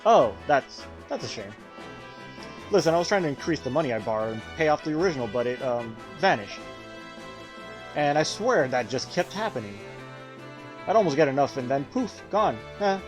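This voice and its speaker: A man's voice: a little high, sing-song, moderate pace, pauses often, music in the background. A man voicing a sheepish, irresponsible man in debt who wheedles and makes excuses. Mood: wheedling.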